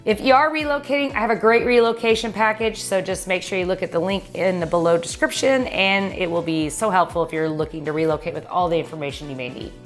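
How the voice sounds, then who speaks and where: Chatty woman, low voice. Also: quick pace, hardly any pauses, faint music behind. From Southern Indiana, USA. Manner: chatty and upbeat, with little laughs. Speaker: real estate agent and channel host. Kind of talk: casual talk to camera.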